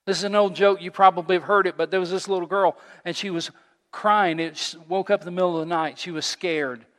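A man preaching a sermon as a pastor, earnest, rising to loud call-and-response with his congregation. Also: high-pitched, steady tone, fairly quick, long reverb tail. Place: church sanctuary.

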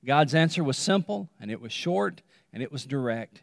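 A male pastor preaching a sermon, repeating phrases for emphasis and dropping to a hush on key words. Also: mid-range voice, lively intonation, vocal fry, dry recording, in a large hall. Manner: dramatic pauses, repetition, drops to a hush on key words.

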